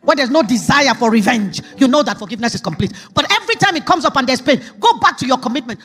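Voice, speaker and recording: A woman preaching a sermon testimony, emphatic, jumping from loud outbursts to hushed asides. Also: fairly high pitch, big pitch swings, fast, breathy edge, soft background music.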